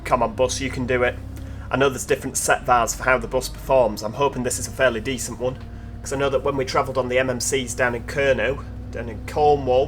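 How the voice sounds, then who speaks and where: A man's voice: medium pitch, fairly bright tone, a little hiss or hum. Chatty man commentating a game. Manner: chatty, joking asides addressed to viewers. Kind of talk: casual gameplay commentary.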